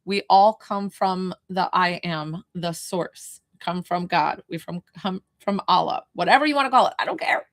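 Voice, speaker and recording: A woman who works as a medium, chatting casually on a livestream and answering her viewers' questions in a lively way. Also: fairly low pitch, normal speed, few pauses, no echo, clean studio sound. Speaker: medium doing live readings.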